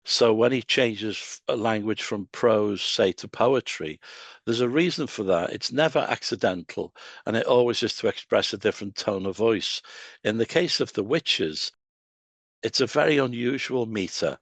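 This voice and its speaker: A man giving a public lecture, explaining in a measured way with pauses and fillers. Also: on the low side, animated, no room sound.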